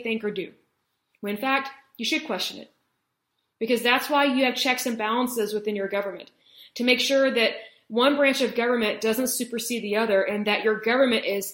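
A woman's voice: fairly high pitch, fairly bright tone. Earnest woman podcaster, echoey room. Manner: earnest, opinionated, repeats for emphasis. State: has the hiccups. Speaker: podcast host. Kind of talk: solo political podcast monologue.

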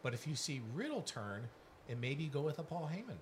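Dude hosting a wrestling call-in show, kinda high voice, faint noise. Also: male voice, big pitch swings, brisk. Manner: loose, joking, uses fillers. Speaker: radio show host. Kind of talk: casual radio chat.

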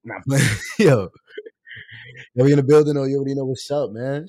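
A man hosting his own live stream in loose, casual chat, swearing freely and jumping up in pitch when he gets excited. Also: a little fast, long pauses, no room sound. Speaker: livestream show host.

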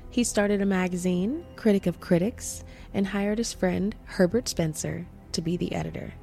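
Low, mellow-voiced woman narrating true crime. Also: normal speed, creaky, faint music behind. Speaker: podcast host.

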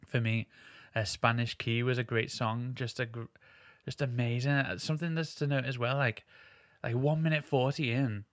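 A man hosts a podcast, chatting casually and enthusiastically while rambling with plenty of filler words. His voice is medium-pitched and fairly bright, with a steady tone and moderate pace. The sound is clean studio quality, with no room sound.

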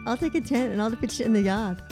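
A woman's voice: on the high side, quick pace, dark tone, soft background music. A woman co-hosting a live morning radio show, chatting in a bubbly, giggly way.

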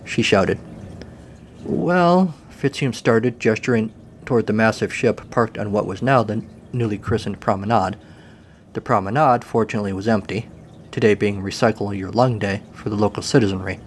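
A man's voice: fairly low pitch, steady tone, fairly quick, a little hiss or hum. A man narrating a comic story in a dry, wry way.

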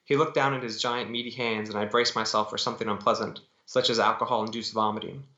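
A man, an author, reading his own novel aloud in steady, dramatic first-person narration over a video call. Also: fairly low pitch, fast talker. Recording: dull echoey call audio.

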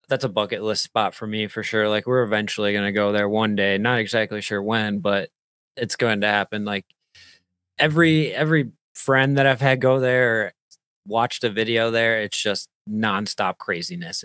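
A man hosting a casual conversation, relaxed as he tells a story. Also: lowish voice, normal speed, no room sound. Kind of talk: casual chat.

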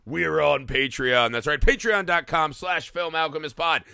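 A man hosting a podcast in casual chat, lively and swearing freely, laughing often. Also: fairly high pitch, moderate pace, creaky, clear, resonant tone, dry recording, studio quality. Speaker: podcast host.

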